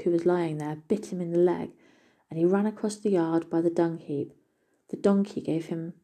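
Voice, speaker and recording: A woman reading a fairy tale aloud as a storyteller, in a steady, gentle manner. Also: fairly low pitch, slightly rough. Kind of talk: storybook narration.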